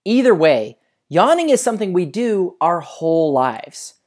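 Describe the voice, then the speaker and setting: This host delivers a children's science lesson a little slowly, standing outside near trees. His voice rises and falls broadly with lively energy, and he often redirects questions to whoever is watching, keeping things animated.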